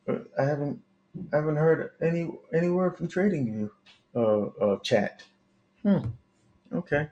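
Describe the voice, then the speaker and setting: A man teaching forex trading on a live stream, thinking aloud over his charts with many restarts and coaching his viewers directly. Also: medium pitch. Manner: coaching, talks straight to viewers. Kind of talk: live market analysis stream.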